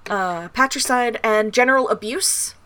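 A woman co-hosting a casual podcast, her voice bright and a little high. She talks candidly, laughs often and swears now and then. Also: unhurried. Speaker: podcast co-host. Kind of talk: casual chat.

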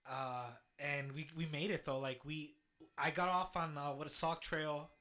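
A man with a bright, somewhat high voice tells a story in relaxed conversation. He swears freely and laughs as he talks. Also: normal speed, soft background music. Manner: swears freely, laughs while telling stories. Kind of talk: casual storytelling chat.

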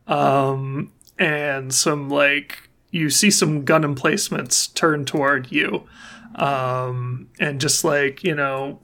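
Gravelly-voiced game master, easygoing and filler-heavy narration. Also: mid-range voice. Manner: relaxed, rambling with many fillers.

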